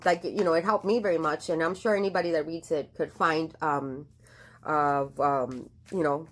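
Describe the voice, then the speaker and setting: A woman giving a casual tarot reading, chatty and affectionate, with many fillers and restarts. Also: on the low side. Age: adult with a daughter. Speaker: tarot reader.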